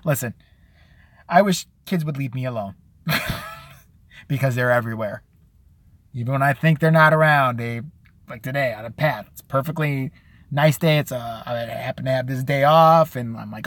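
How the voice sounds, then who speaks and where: A man's voice: mid-range voice, fairly quick, no echo. A man hosting his own show, delivering a crude, sarcastic comedic rant and slipping into mocking impressions of other people. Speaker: show host.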